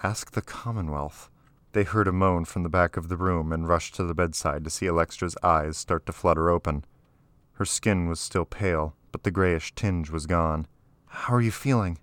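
A man narrating an audiobook in a steady, even storytelling manner. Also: sits low, normal speed, smooth, dry recording. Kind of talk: scripted narration.

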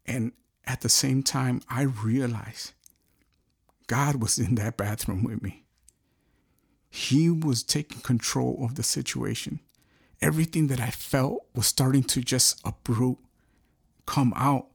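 Gravelly, husky man telling his story. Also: medium pitch. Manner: earnest, halting, searching for words. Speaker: storyteller sharing a personal testimony. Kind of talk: emotional personal testimony.

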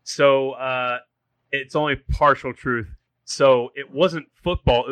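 Bright-voiced man rambling through an anecdote. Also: mid-range voice, steady tone, slow, smooth, no room sound, poor audio. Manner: rambling, full of fillers and restarts. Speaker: participant sharing a story. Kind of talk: casual chat among friends.

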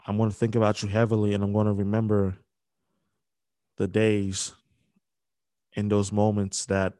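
Grieving young man, low flat voice. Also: no room sound. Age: young adult. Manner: halting, grieving, with restarts. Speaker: podcast host. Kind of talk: emotional spoken dedication.

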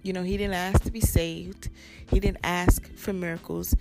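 A woman's voice: on the low side, flat delivery, normal speed, creaky, a little mellow, faint music behind. A woman preaching a sermon with an emphatic, repetitive cadence.

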